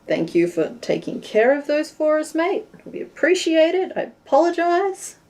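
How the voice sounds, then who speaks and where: A woman's voice: high voice, sing-song, normal speed, darkish tone. Chatty West Australian woman crafting on stream. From Western Australia. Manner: chatty and self-deprecating, narrating her hands-on work. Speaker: crochet streamer. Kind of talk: casual live-stream chat while crafting.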